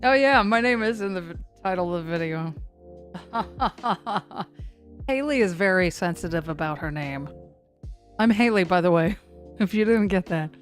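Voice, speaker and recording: A woman's voice: lowish voice, expressive, measured pace, faint music behind. A woman hosting a severe-weather livestream, chatting casually and rambling, self-deprecating as she answers the chat. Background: faint looping song.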